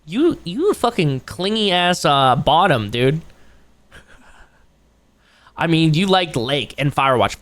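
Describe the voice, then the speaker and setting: Young man, live streamer, rambling casual banter with lots of swearing and a very lively pitch. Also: normal speed. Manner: rambling, profane, jokey, jumps into mocking voices. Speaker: streamer reacting to a video.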